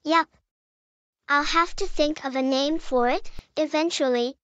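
A woman voicing a cheerful young schoolgirl who is quick to cry, in a homemade cartoon. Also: sits high, fairly bright tone, no echo, dull audio. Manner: eager, chatty, quick to cry. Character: young schoolgirl, cheerful, fears getting wet.

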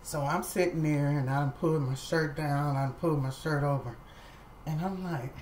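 A woman's voice: low-pitched, normal speed, darkish tone, slight background noise, poor audio. A woman vlogger telling a casual story at home to the camera, chatty and repetitive, talking straight to her viewers. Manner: chatty, repeats herself, addresses viewers as y'all.

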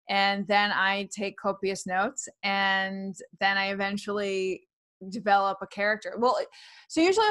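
In a relaxed interview, the comedian and actress, a New Yorker whose accent is mostly trained away to a slight one, talks about her work with a mid-range voice. Her delivery is animated and chatty, full of easy laughter and restarted sentences.

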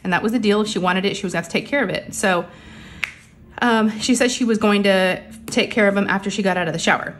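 A woman's voice: medium pitch, quick pace, a bit bright. A middle-aged woman, chatting casually while crafting in her craft room, a little out of breath and under the weather, rambling with many fillers. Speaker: crafting vlogger. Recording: faint background hum of printers.

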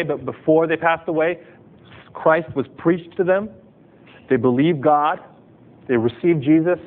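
A male pastor preaching a sermon in short, emphatic phrases, then leading the congregation in fervent prayer. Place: chapel service. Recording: tinny lo-fi recording with low rumble.

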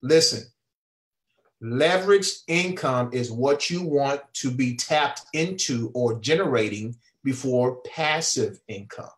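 A man's voice: medium pitch, a little slow, few pauses, reverberant. A man coaching viewers on income at a whiteboard, preachy, restarting phrases and firing questions at the camera.

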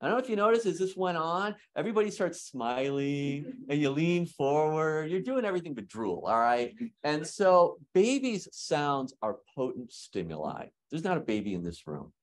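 A man giving an academic lecture in a hall, lively and joking with his audience. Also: on the high side, normal speed, hardly any pauses.

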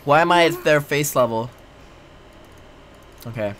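A man's voice: on the high side, unhurried, fairly bright tone, slight background noise. A young man giving let's play commentary, sarcastic, exasperated and full of swearing. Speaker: gameplay commentator.

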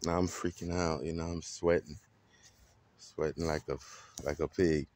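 A man vlogging a casual, animated story that he retells dramatically and that is full of acted quotes. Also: rumbling low, normal speed.

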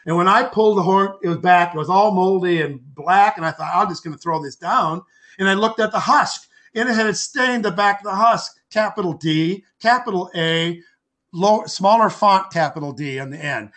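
An older man with a high voice tells a long personal story as a podcast guest. His tone is bright and forceful. He rambles, repeats words and acts out what people said. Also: moderate pace. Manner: acts out quoted speech with lively voices. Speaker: podcast guest, author and artist.

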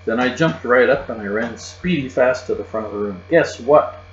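A man reading a children's chapter book aloud, expressive and lively in a child's first-person voice. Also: mid-range voice, fairly quick, soft background music. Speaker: reader. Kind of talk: storybook read-aloud. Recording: muffled, roomy recording with mains hum.

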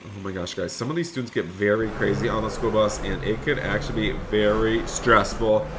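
A man's voice: on the low side, fairly even intonation, a little fast, background noise. A young man giving chatty, upbeat commentary while role-playing a school bus driver in a video game. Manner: upbeat, chatty, keeps addressing viewers as "you guys". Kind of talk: Roblox roleplay commentary.

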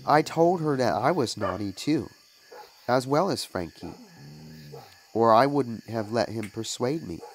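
A man's voice: mid-range voice, lively intonation, a little slow, slight background noise, low-quality recording. A man voicing a remorseful little boy caught stealing apples, pleading through sobs. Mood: relieved. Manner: sobbing, pleading.

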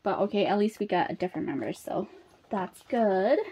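A woman chatting casually as she unboxes, excitable and gasping at each reveal, then dropping to soft murmurs in between. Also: medium pitch, fairly quick, very noisy. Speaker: unboxing vlogger.

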